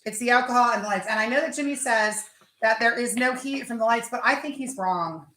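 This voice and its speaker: A woman's voice: a little high, a little fast, pushed and bright, reverberant, a little hiss or hum. A woman hosting a casual live chat with viewers, talkative and laughing as she drinks. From Pennsylvania. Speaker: livestream host.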